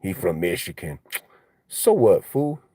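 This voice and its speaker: A man's voice: low-pitched, sing-song, a little slow, warm tone, dry recording, clean studio sound. A man ranting casually on a livestream, slangy and profane, repeating himself and calling everyone bro and homie. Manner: heated, repeats himself for emphasis. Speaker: livestreamer and fighter.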